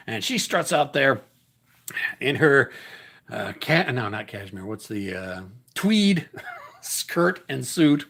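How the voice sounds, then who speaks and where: A man's voice: mid-range voice, very animated, measured pace, vocal fry, a bit bright, breathy edge. A man hosting a solo tabletop wrestling game, commenting in a jokey ring-announcer style and often chuckling and correcting himself.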